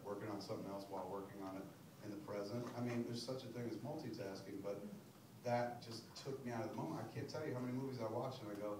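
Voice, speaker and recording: A man in his forties answering audience questions after a screening, swearing freely and telling stories with laughter. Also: mid-range voice. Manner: profane, animated, laughing storyteller. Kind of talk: live Q&A talk after a screening. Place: cinema auditorium with audience. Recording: echoey theater from far off with audience noise.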